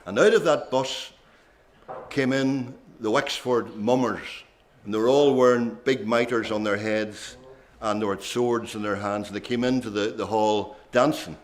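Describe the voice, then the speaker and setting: Speaking a little slowly in a lowish voice, an older man reminisces between songs at a traditional singing session. His stories ramble, chatty and relaxed, dotted with asides.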